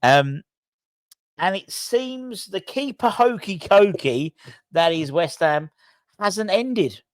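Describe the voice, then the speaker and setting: A man's voice: fairly high pitch, animated, takes it slowly, no room sound. A man hosting a fan news channel, rambling and correcting himself as he thinks aloud. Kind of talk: casual news vlog.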